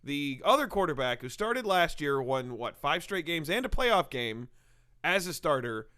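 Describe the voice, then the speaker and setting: A man's voice: fairly high pitch, sing-song, moderate pace, pushed and bright, smooth. A man co-hosting a comedy sports podcast, riffing and joking. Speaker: podcast co-host.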